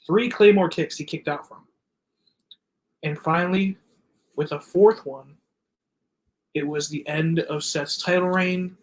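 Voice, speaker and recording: A man's voice: a little high, measured pace, long pauses, poor audio. Eager man recapping a match from his notes. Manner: enthusiastic fan, reads from his notes. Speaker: podcast co-host. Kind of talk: casual wrestling recap.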